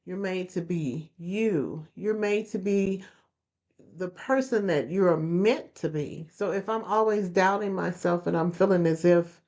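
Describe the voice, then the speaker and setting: Woman, podcast host, earnest, repeats for emphasis, lowish voice, dull lo-fi recording. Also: measured pace, darkish tone. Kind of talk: motivational podcast talk.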